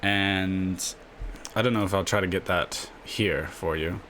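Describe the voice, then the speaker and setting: Brief: low-pitched male chess host, offhand and rambling, slight hiss in the background. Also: steady tone, unhurried, a bit bright. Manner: rambling, tags lines with a questioning "yeah?". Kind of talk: casual screen-share explainer.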